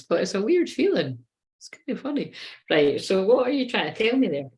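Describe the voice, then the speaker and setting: A woman's voice: mid-range voice, big pitch swings, a little fast, darkish tone. A woman running a casual live tarot reading. She talks in a rambling, sweary way and often breaks into giggles. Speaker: tarot reader.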